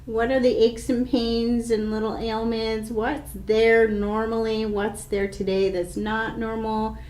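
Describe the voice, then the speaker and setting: A woman guiding a yoga class with slow, calm, soothing instructions. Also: fairly high pitch, reverberant.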